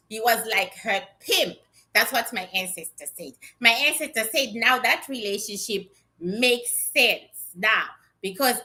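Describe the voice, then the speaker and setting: A woman psychic reader gives her viewers a casual, blunt reading, chatty and swearing freely. Her voice is on the high side, with a sharp tone.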